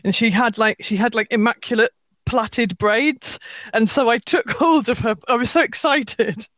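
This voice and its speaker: A woman's voice: fairly high pitch, moderate pace, a bit bright, dry recording. A woman from England co-hosts a podcast, chatting casually and giggling through her stories. She sits close to the mic in a dead, dry space. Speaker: podcast co-host. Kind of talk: casual chat.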